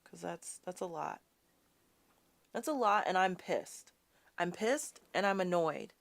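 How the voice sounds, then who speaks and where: A woman's voice: fairly low pitch, animated, takes it slowly, vocal fry. A woman hosting a live political talk show, ranting with passion, calling her viewers y'all and sassily mocking the people she quotes. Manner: impassioned, ranting, addresses audience as y'all; quotes and mocks opponents in a sassy tone. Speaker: host.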